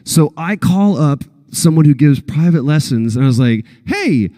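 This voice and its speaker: Animated, lively man telling a story. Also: moderate pace, dry recording, studio quality, long reverb tail. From Texas. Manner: animated storyteller, acts out quotes with big pitch jumps. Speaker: panel guest. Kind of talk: storytelling at a convention panel. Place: convention hall stage.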